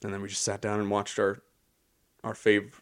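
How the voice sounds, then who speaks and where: A young man co-hosting a podcast chats casually, rambling in an easygoing way and restarting often. His voice is fairly low and monotone, at a normal speed.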